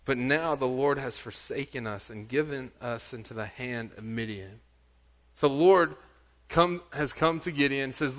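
A man's voice: mid-range voice, normal speed, fairly bright tone. A man preaching a sermon, reading scripture aloud and earnestly urging his listeners. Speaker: pastor. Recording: audio recording of a church service.

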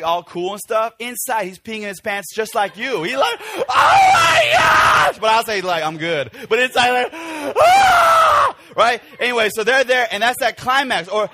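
A man in his forties preaching a casual, animated sermon to a church audience, acting out scenes with sudden shouts. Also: high-pitched. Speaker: pastor.

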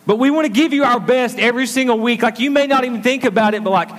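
A man's voice: extremely high pitch, fast talker, a bit bright. A man preaching a conversational sermon, telling a story and drawing the congregation in with frequent asides. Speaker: pastor. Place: school auditorium used as a church. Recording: long hall reverb.

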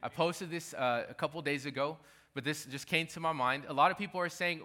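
A man's voice: on the high side, fairly even intonation, a little fast, bright, forceful tone. A man preaching a sermon as pastor, talking emphatically and repeating his key phrases.

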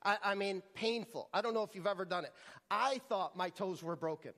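High-voiced male pastor in a reverberant hall. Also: a little fast, fairly bright tone. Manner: storytelling with frequent restarts and repeated words. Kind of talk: sermon.

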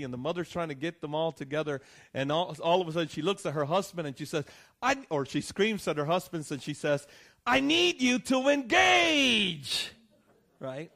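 A man, a pastor, preaching a conversational sermon, checking in with the congregation and rising to emphatic peaks. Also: a little high.

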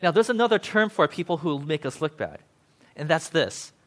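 A man preaching a casual, conversational sermon, paraphrasing scripture in lively everyday speech with frequent "right?" asides. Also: fairly high pitch, normal speed. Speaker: pastor.

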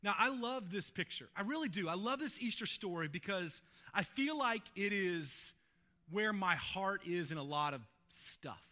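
Male pastor, high-pitched, conversational sermon delivery, keeps asking the room "right?". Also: animated, normal speed, sharp tone. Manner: informal, asks "right?" to the listeners.

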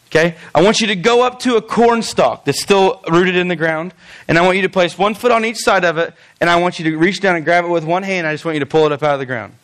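A male pastor preaching a lively, conversational sermon, with frequent stammered restarts. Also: sits high.

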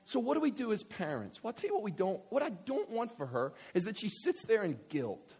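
A middle-aged male pastor preaching a sermon in an animated, joking, conversational way. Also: high voice, brisk, husky.

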